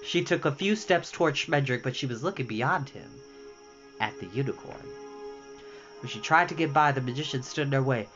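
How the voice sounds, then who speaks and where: A reader in their thirties reading a novel aloud in a lively, expressive way. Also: medium pitch, moderate pace. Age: 30s. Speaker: storytime reader. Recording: dull lo-fi with faint music.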